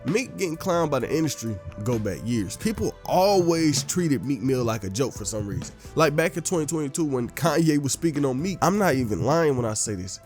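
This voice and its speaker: A man's voice: mid-range voice, expressive, fairly quick, hardly any pauses, darkish tone, faint music behind. A man hosting a commentary channel, narrating events in a laid-back, slangy storytelling way.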